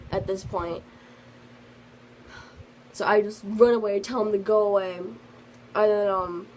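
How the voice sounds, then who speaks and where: In poor audio with slight background noise, a teenage girl rambles casually through a storytime vlog, piling on fillers. Her mid-range voice sounds slightly sick.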